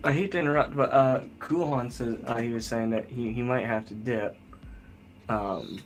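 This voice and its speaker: Man, stream host, laid-back, hesitant, soft music behind. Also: medium pitch, normal speed. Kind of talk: live stream hosting.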